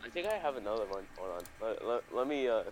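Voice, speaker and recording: A man's voice: medium pitch, big pitch swings, quick pace, a little hiss or hum, poor audio. A young man hosting a casual chat, telling a story in a rambling, profane way with lots of fillers and restarts. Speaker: podcast host.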